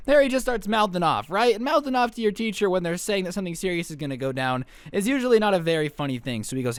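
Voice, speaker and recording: A man's voice: sits high, expressive, quick pace, hardly any pauses, smooth, no room sound. A young man hosting a casual storytime vlog, rambling and cracking goofy jokes. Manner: jokey, rambling, goofy asides. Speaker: storytime host.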